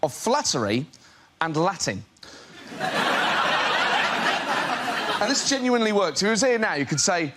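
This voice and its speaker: A man doing lively stand-up in a TV studio, mimicking politicians. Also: high-pitched, unhurried, long pauses, slight background noise. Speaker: comedian. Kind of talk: stand-up routine. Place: TV studio with a live audience.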